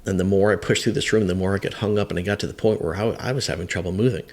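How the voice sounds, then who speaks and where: Man, 50s, firefighter guest, very low voice, halting, lots of fillers, self-deprecating storytelling. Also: steady tone, vocal fry. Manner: halting, many fillers and restarts. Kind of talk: casual storytelling interview.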